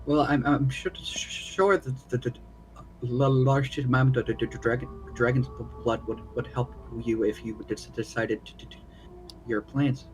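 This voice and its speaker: A nervous envoy, as a player puts him on stumbles over his words with a heavy stutter, repeating syllables again and again. The man's voice sits at a middle pitch, and faint music plays behind him. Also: fairly even intonation, a little slow, natural voice. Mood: stammering, pleading. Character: nervous stammering male merchant's envoy. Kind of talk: tabletop role-play.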